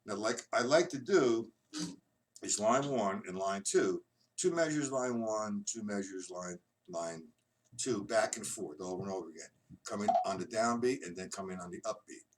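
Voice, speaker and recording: His voice sits lowish, with lively intonation, as this man runs a drum lesson streamed live. He counts beats aloud slowly and patiently, shows the rhythms, and explains each exercise, heard through a far-off mic with loud background noise.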